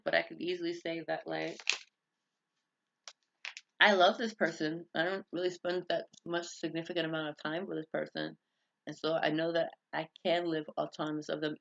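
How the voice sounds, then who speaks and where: An American vlogger talks in a loose, rambling monologue, wandering off on tangents and cutting himself off mid-thought. The medium-pitched voice has vocal fry and some brightness, captured in a dull, lo-fi recording.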